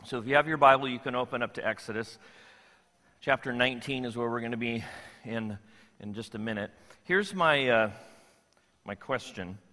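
A man's voice: mid-range voice, moderate pace, long pauses, bright, forceful tone. An older man preaching a sermon as pastor, playful and joking with his congregation. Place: church sanctuary. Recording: long reverb of a church hall.

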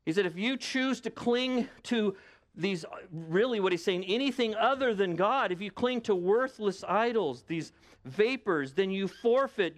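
Higher-pitched man preaching conversationally. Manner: conversational, lots of rhetorical questions. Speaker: pastor. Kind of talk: sermon.

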